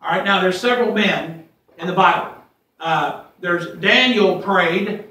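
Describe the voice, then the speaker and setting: Folksy male Bible teacher from Ohio with a high voice, rambling between emphatic scripture readings; echoey room, mic far off. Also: measured pace, sharp tone, a little hiss or hum. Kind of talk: informal Bible study teaching.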